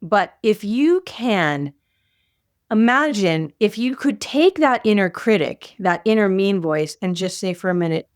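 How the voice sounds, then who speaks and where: A middle-aged woman co-hosting a podcast, talking in an animated, playful, self-deprecating way. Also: medium pitch, unhurried, no room sound, studio quality. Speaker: podcast co-host. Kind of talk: casual chat.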